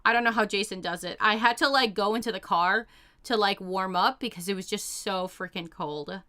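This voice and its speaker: A young woman with a medium-pitched, sharp-toned voice talks at normal speed while reading out chat messages as a streamer. She's bubbly and gushing, constantly saying "like" and "oh my gosh."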